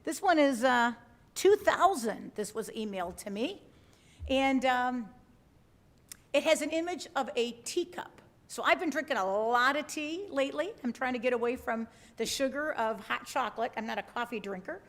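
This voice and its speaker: Lady pastor preaching to a livestream, chatty, keeps asking right?, pretty high voice. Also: animated, moderate pace. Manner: conversational, asks the listeners with frequent tag questions. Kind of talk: sermon to an online congregation. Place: church livestream.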